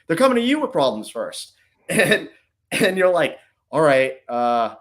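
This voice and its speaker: A man's voice: a little high, sing-song, measured pace, a bit bright. Rambling man full of "right?". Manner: rambling, filler-heavy, keeps adding "right?". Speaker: guest, former intelligence officer. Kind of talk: casual interview chat.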